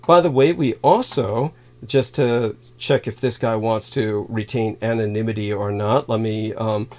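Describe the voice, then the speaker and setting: A man hosting a livestream, rambling through thanks with many halting fillers, laughing suddenly and swearing now and then. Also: fairly low pitch, fairly even intonation. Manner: halting, filler-heavy, reads donor thanks aloud. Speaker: livestream host.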